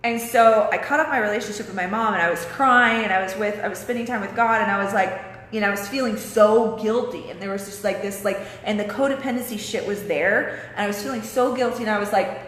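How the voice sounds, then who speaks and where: A woman's voice: medium pitch, a little fast, fairly bright tone, echoey room, in a large hall. A young woman vlogging a candid personal story, swearing often and losing her train of thought now and then.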